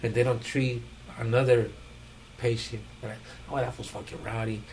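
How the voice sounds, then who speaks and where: A man's voice: medium pitch, little pitch movement, moderate pace, darkish tone, slight background noise, rough recording. A man hosting a podcast, telling stories in slangy, profane casual chat. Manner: slangy, profane storytelling with laughs. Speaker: podcast host.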